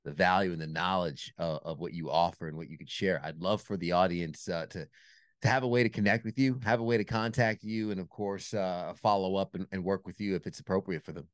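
Supportive deep-voiced male podcast host. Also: steady tone, a little fast, no echo, clean studio sound. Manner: supportive, affirming. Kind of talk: interview hosting.

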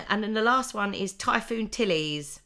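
A woman's voice: medium pitch, lively intonation, unhurried, bright, forceful tone. A woman co-hosting a podcast in casual chat, talking freely with many ums and restarts. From United Kingdom. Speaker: podcast co-host.

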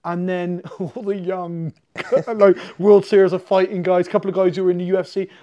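Man, slightly high voice, lively storyteller, swears, casual podcast chat. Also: moderate pace, muffled recording. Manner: animated, swearing, acts out quotes. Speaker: podcast guest, MMA fighter.

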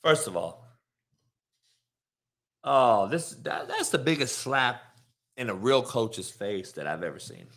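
A man's voice: mid-range voice, lively intonation, slow pace, long pauses, a bit bright. A man hosting a show as a football coach, ranting bluntly and mockingly with frequent swearing. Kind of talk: casual profane rant.

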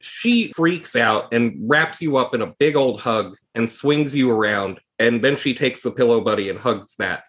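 A man narrates as game master of a tabletop game. He lays out scenes in a steady, descriptive voice and answers players with easy humor. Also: mid-range voice, normal speed, few pauses.

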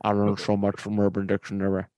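A man co-hosting a comedy podcast, chatting casually and reading out crude jokes in a deadpan way. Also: on the low side, quick pace, no room sound, studio quality. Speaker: podcast co-host.

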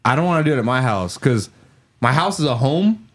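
Lively-voiced young man joking around. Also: medium pitch, a little fast. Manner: joking, crude, laughs often. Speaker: podcast co-host. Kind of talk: casual chat.

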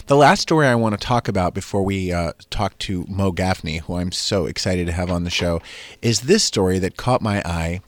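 A man hosting a comedy podcast, telling bawdy stories in a lively, animated way with frequent laughs. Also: low-pitched, normal speed, dry recording. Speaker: podcast host. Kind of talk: casual comedic chat.

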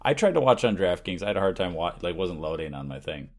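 A man's voice: deep voice, very animated, fast talker. A man co-hosting a podcast in casual chat, making dry, teasing asides. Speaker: podcast co-host.

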